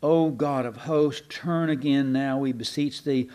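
A man preaching a sermon, slow and emphatic, asking rhetorical questions and sometimes restarting mid-phrase. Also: mid-range voice, fairly even intonation, dark tone.

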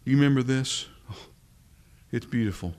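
A male preacher delivering a sermon, talking it through with his listeners and posing questions. He speaks at an ordinary pitch and pace. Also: normal speed, darkish tone. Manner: conversational teaching with rhetorical questions.

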